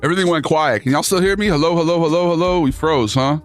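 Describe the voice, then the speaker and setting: Speaking quickly in a fairly high voice over faint music, a livestream host chats with his viewers, reading their messages and responding in a relaxed, sarcastic, slang-heavy style.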